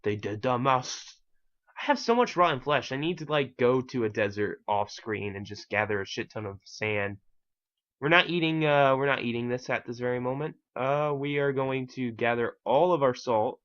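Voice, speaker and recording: A man's voice: medium pitch, normal speed, a bit bright, muffled recording. A man giving casual gameplay commentary as host, rambling and self-mocking with casual swearing. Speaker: gaming channel host.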